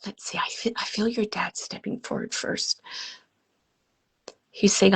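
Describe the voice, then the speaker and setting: A woman with a gravelly, fry-tinged voice gives live readings as a medium. She talks gently and haltingly, with many pauses, and often sinks into a soft whisper as she relays messages. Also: medium pitch. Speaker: psychic medium.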